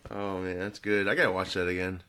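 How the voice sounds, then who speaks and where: A man's voice: deep voice, little pitch movement, fairly quick, bright, forceful tone, a little hiss or hum. A man co-hosting a podcast in a casual, easygoing way, chiming in and asking questions. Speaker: podcast co-host. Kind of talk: casual chat.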